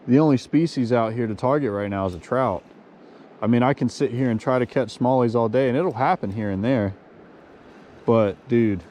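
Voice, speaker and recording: Soaked and cold beside a winter creek, a fishing vlogger films himself outdoors, chatting in an excitable, slangy way packed with "dude" and "yo." His voice sits at medium pitch, and there's a little hiss or hum in the audio.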